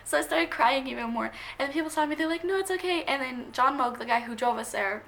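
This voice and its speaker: A young woman vlogger rambling excitedly as she tells a story to her camera, gushing and jumping between thoughts. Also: sits high, brisk, gravelly.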